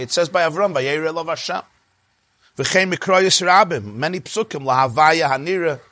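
A man's voice: a little high, no room sound. A man teaching a religious class, telling stories and stammering now and then as he explains. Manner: lively storyteller, stammers on restarts. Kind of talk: religious class lecture with anecdotes.

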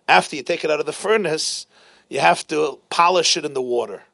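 A man teaching a Talmud lesson as an animated storyteller, driving points home through repetition. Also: a little high, brisk, gravelly, no room sound. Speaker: Torah teacher.

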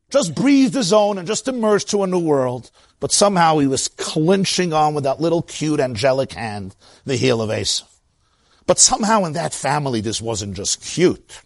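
Animated man with a Brooklyn accent. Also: fairly high pitch, no room sound, studio quality. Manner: animated storytelling, acting out voices. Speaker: teacher of Torah. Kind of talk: Torah lecture.

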